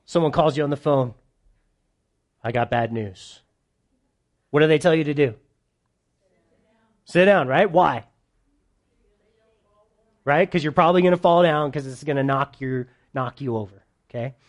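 Animated high-voiced male preacher. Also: moderate pace, long pauses. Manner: animated, joking with the congregation, swings between loud and soft. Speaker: pastor. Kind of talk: sermon, verse-by-verse Bible teaching.

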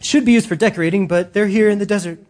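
A preacher delivering an animated sermon with emphatic, direct appeals to the congregation. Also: mid-range voice, fast talker.

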